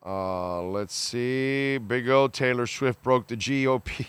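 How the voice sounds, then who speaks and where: A male podcast host with a smooth, resonant voice, recorded dry and close. He reacts bluntly and with exasperation, swears freely, and stumbles through restarts as he talks. His pitch sits in an ordinary middle range. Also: a bit bright, no echo. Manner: halting restarts, many fillers. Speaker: podcast host reading listener comments. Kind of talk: casual chat.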